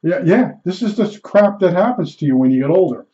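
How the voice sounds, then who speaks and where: A man's voice: sits high, expressive, a little fast, mellow, highs cut off. A man in his seventies talking through his stories in a rambling, self-correcting way. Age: 70s. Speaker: retiree telling stories. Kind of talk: rambling personal monologue.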